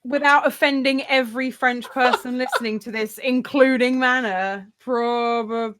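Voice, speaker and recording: A woman's voice: a little high, steady tone, moderate pace, background noise. A woman voice actress in an online interview, flustered and giggly, swearing as she talks. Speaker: voice actress and singer. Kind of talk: casual video-call interview.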